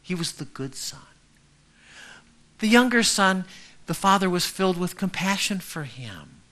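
A man's voice: high-pitched, sing-song, a little slow, pushed and bright. A male pastor preaching a conversational sermon who keeps checking in with the congregation.

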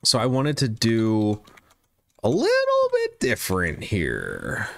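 Laid-back streamer man, lively voice. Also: lowish voice, slow pace, vocal fry. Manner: chatty, laughs often, greets viewers. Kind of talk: casual live game commentary.

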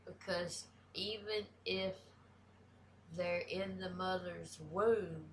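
A woman's voice: fairly low pitch, fairly even intonation, takes it slowly, a little hiss or hum. A woman with a Southern US country accent, talking casually and bluntly as she reacts to a video, swearing freely. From American South.

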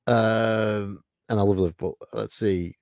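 A man's voice: on the low side, steady tone, measured pace, gravelly, a little mellow, no room sound, studio quality. A man from the East Midlands, co-hosting a casual chat in a rambling, laid-back way. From England, East Midlands. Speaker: co-host.

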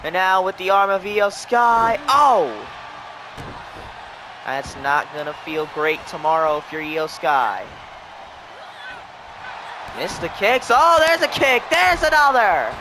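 A man calling a wrestling video game match play by play, excitable and breaking into shouts at the near-falls. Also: high-pitched, slow, long pauses, noisy background. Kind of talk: play-by-play commentary.

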